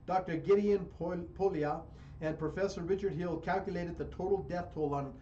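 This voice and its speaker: A man's voice: high-pitched, moderate pace, dark tone, lo-fi sound, slight background noise. An American man hosting a radio show, giving fiery political commentary and repeating phrases for emphasis. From United States. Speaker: radio host.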